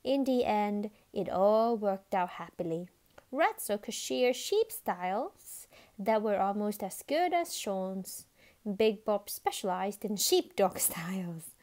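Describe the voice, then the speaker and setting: A woman from Australia reading a picture book aloud, lively and expressive, stopping now and then to ask her young listeners questions. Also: medium pitch, slow. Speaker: storybook reader.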